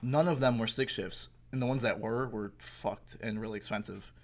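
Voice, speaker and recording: A young man co-hosting a podcast, telling a story in a casual, animated way, swearing and laughing as he goes. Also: on the low side, normal speed. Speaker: podcast co-host. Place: indoor recording room.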